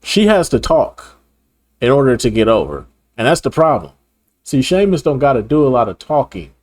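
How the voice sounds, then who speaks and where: A man's voice: mid-range voice, sing-song, normal speed. Blunt, profane man reacting casually. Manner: blunt, profane, laughs and repeats himself. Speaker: reaction video host.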